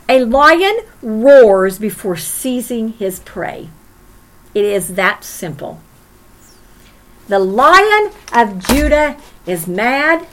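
A woman teaching a Bible study, emphatic, with rhetorical questions and dramatic pauses. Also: high voice, fairly bright tone.

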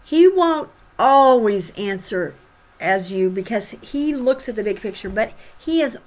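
A woman's voice: a little high, a little slow. A woman teaching from the Bible, reading scripture aloud and explaining it with dramatic emphasis. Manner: animated, dramatic emphasis when reading prophets' cries.

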